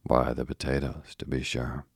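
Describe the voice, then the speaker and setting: A kindly, practical mother from a storybook, as a man reads her in his own deep, gravelly voice. She speaks plainly and gently to her children. The reading is slow and flat in tone. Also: no echo, clean studio sound, heavily acted. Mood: matter-of-fact.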